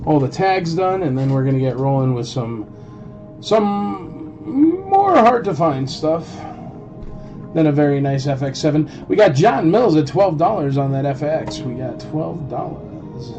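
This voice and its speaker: A man's voice: on the high side, sing-song, measured pace. Chatty man calling a live auction. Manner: chatty, jokey, greets bidders by name. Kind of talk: casual livestream auction patter. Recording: dull lo-fi stream with loud music.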